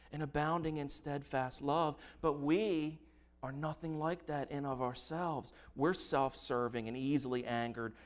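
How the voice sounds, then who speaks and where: A man preaching a sermon, reading scripture slowly and earnestly with emphatic stresses. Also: a little high. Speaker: pastor.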